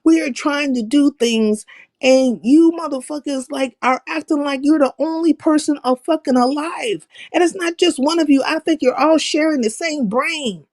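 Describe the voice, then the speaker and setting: A woman's voice: high voice, normal speed, dry recording. Brash, profane woman livestreamer. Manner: brash, profane, animated storyteller with slang. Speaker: livestream host. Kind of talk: casual profane storytelling chat.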